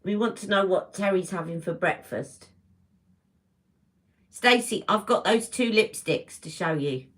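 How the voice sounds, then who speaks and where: A woman hosting a casual beauty livestream, chatting warmly and greeting viewers by name as she talks. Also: fairly low pitch. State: emotional, close to tears.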